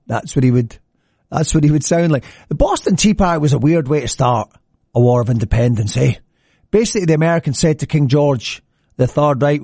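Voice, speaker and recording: A man hosts a morning radio show in loose, joking patter that keeps slipping into silly voices. His voice sits a little high. The studio mic sounds close and completely dry. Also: big pitch swings, fairly quick, darkish tone, dry recording. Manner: jokey, chatty, slips into silly voices. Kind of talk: casual radio patter with traffic and comic history.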